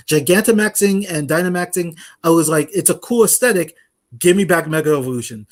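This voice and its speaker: A man's voice: a little high, expressive, fairly quick. A young man co-hosting a casual gaming podcast, ranting animatedly with laughs and acted-out quotes. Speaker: podcast co-host.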